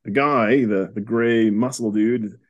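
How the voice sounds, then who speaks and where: A man with a fairly low voice co-hosts a casual podcast, recapping a comic book. He rambles with lots of fillers and breaks into laughter. His talk is loose and chatty. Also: slow, lo-fi sound. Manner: rambling, laughs often, acts out quotes. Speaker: podcast co-host.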